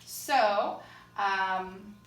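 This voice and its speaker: Bright-voiced woman teaching songwriting. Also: mid-range voice, extremely slow. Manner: explains step by step, sings short lines to check. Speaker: music teacher. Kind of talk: online songwriting lesson. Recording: echoey room, a bit far from mic.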